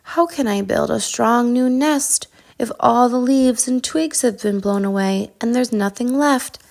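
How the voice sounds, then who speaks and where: A woman voicing a small, kind male hedgehog in a storybook reading, earnest and bright. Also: a little high, measured pace, creaky.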